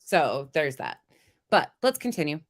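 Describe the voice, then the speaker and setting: Blunt sarcastic female host, a bit under the weather, low-ish voice. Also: sing-song, a little slow. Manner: blunt, sarcastic, laughs at her own jokes. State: sick, voice lower than usual. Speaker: commentary host. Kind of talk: casual drama commentary.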